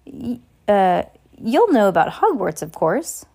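A woman voicing a gruff, hulking giant man who is blunt and hot-tempered, speaking in booming, rough speech. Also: sing-song, measured pace, warm tone, heavily acted.

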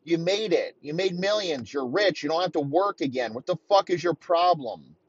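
A man in his thirties delivering a heated, profane comedic rant, talking in rapid-fire bursts. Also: a little high, expressive, highs cut off, slight background noise. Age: 30s.

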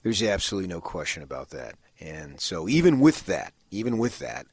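A man's voice: deep voice, very animated, fairly quick, breathy edge, no room sound. A man co-hosting a morning sports radio show, talking in an emphatic, casual way and often repeating words as he starts a thought.

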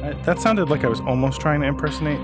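A man's voice: fairly high pitch, fast talker, music in the background. A man hosting a casual podcast, introducing his co-hosts with jokey nicknames. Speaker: podcast host.

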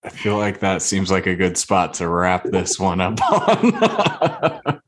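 A man hosting a podcast, relaxed as he wraps up the episode. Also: low-pitched, slow, slight background noise. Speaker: podcast host. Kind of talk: casual chat.

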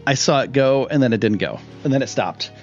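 A man hosting a casual live stream, excitable and rambling with lots of fillers while he reads chat. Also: mid-range voice, a little fast, lo-fi sound, faint music behind. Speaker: livestream host.

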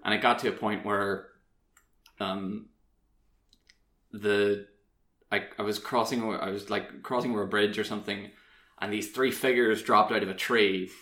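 Man, casual chat, rambling with fillers, bright voice, lowish pitch, roomy echo. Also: fairly even intonation, moderate pace, pauses often. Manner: rambling, many fillers, laughs often.

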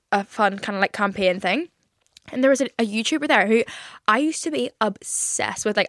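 A young woman hosting a podcast alone, rambling and self-mocking in casual chat, swearing freely and talking quickly in a studio. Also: medium pitch, fairly bright tone, no echo. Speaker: podcast host. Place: recording studio.

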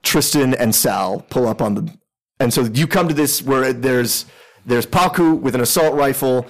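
A man's voice: mid-range voice, normal speed, rough recording. A man narrating a tabletop role-playing game as game master, with many fillers and restarts.

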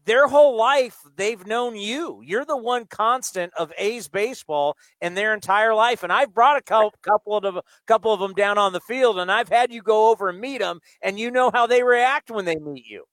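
Male radio host, high voice, earnest and emphatic, dry sound. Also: normal speed, few pauses, fairly bright tone, no room sound. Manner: earnest, emphatic praise with repeats. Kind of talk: casual radio chat.

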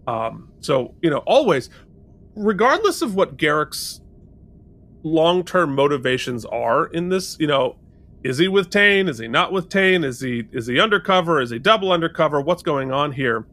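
On a podcast, a co-host with a voice on the high side recaps and reviews a TV episode at a moderate pace. The chat is casual, and he's animated, quoting lines from scenes.

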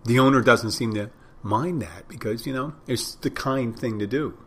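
A man's voice: medium pitch, moderate pace, slightly rough. A man hosting a podcast, rambling casually and jokingly acting out greetings he might use as a bartender. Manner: rambling, jokey, acts out greetings. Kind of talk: casual monologue.

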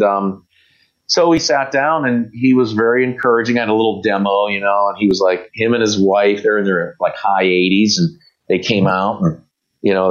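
A low-pitched man recounts stories in a loose, rambling way, with plenty of "you know" and false starts. He slips into quoted voices of the people in his stories. The sound is dull and muffled. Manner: rambling anecdotes with quoted voices, many fillers and restarts. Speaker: guest. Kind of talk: casual storytelling interview.

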